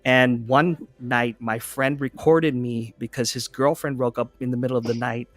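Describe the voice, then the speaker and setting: A man's voice: mid-range voice, fairly even intonation, moderate pace, dry recording. Male co-host, loose rambling storyteller, dry close sound. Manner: rambling storyteller with frequent restarts. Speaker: podcast co-host. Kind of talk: casual chat.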